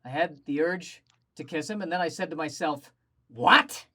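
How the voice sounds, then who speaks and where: A man doing a stand-up comedy set, telling animated stories with self-deprecating asides, performing remotely over a video call. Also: on the high side, brisk, very noisy.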